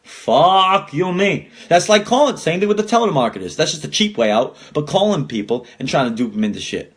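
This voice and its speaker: A man's voice: a little high, sing-song, brisk, slightly rough. A young man hosting a podcast, ranting casually and swearing a lot as he gets worked up. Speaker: podcast host.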